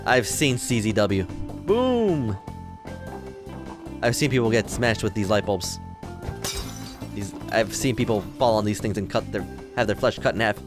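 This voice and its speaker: With music underneath, this young Chicago gamer from the Midwest speaks in a fairly low voice with fairly even intonation at a moderate pace. As a let's play host, he casually comments, cracks jokes, and answers back to the game's characters.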